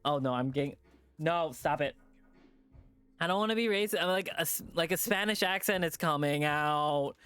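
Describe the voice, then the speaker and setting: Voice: medium pitch, normal speed, a bit bright, smooth. A streamer reading a visual novel aloud with casual, profane asides.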